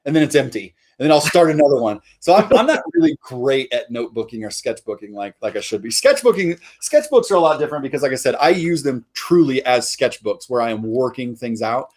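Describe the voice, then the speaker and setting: A man's voice: mid-range voice, big pitch swings, a little fast, few pauses, darkish tone. A man, a comic artist guest, chatting casually in an interview and rambling with many fillers and restarts.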